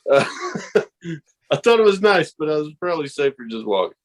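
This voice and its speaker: Profane, animated storytelling man from the South. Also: a little high, brisk. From American South. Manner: animated, profane, acts out quoted voices. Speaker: podcast guest. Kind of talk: casual storytelling chat.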